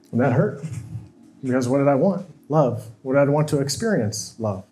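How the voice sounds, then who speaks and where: A man's voice: mid-range voice, lively intonation, normal speed, dark tone. A man on stage telling a painful personal story, emotional and confessional, acting out the dialogue he quotes. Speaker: speaker. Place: stage at a live talk event.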